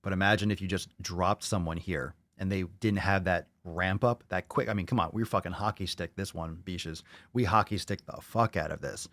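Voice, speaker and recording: A man with a low voice hosts a casual podcast, ranting to his listeners and swearing freely. He talks on a close mic in a dry room with no echo. His delivery is loose, profane and full of drive. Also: moderate pace, a bit bright. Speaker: podcast host. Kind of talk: casual livestream podcast chat.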